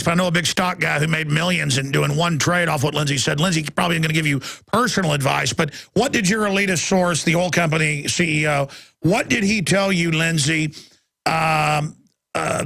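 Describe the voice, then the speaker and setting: A man's voice: fairly high pitch, a little fast, vocal fry, a bit bright, no room sound. A man hosting a call-in talk radio show, talking in a rambling, emphatic way with lots of fillers and restarts.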